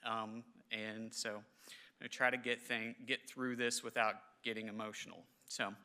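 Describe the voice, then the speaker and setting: A man, giving a halting, emotional memorial ceremony speech in a large hall. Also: fairly low pitch, level tone, pushed and bright, clear, resonant tone. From southern West Virginia. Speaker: government official speaker.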